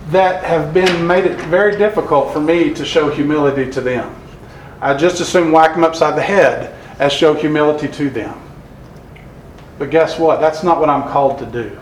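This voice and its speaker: A man preaching a sermon in an earnest manner, reading scripture slowly and deliberately. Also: on the high side, a little hiss or hum. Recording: echoey room.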